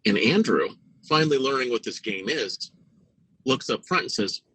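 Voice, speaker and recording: A middle-aged man co-hosting a podcast, telling a story in a casual, profane, animated way. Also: moderate pace, slightly rough, low-quality recording. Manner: animated, profane, jumps into high voices for quotes. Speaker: podcast co-host.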